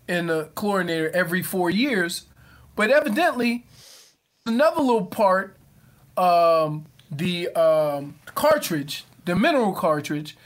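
A man co-hosting a sports radio show, telling stories in an animated, casual way. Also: sits high. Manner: animated storyteller. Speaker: radio co-host.

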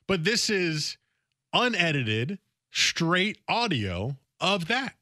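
A male sports radio host giving a casual, opinionated monologue from the studio. His voice is bright and forceful, and the sound is dry and close. He often repeats words mid-thought. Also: medium pitch, animated, normal speed, dry recording.

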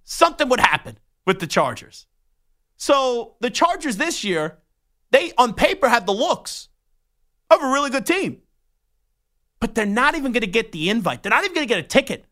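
A man hosting a sports talk radio show from a studio, telling animated, rambling stories. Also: very high-pitched, moderate pace. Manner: animated storytelling with rambling restarts.

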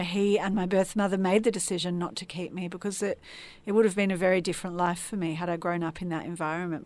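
Woman, podcast guest, low voice, earnest and reflective. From Tasmania, Australia. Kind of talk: personal storytelling in an interview.

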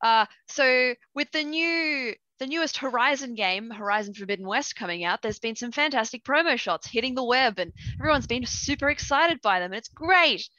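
An animated woman jokes through a film chat, her voice bright and edged, sitting a touch high. The sound is dull and dry, with no room around it. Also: normal speed, few pauses, no echo. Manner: animated, jokey storyteller. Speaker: co-host of a gaming show. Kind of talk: casual review chat.

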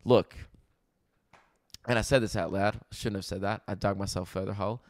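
A young Australian man, a comedian and podcast host, telling stories in an animated, rambling way with plenty of swearing, in a casual chat recorded in a rented apartment. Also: lowish voice, normal speed, no echo. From Victoria, Australia.

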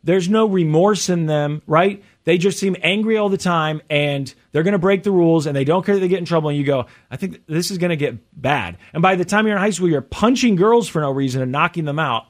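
Male podcast co-host, casual storyteller, slightly high voice. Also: fairly quick, hardly any pauses. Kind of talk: casual chat.

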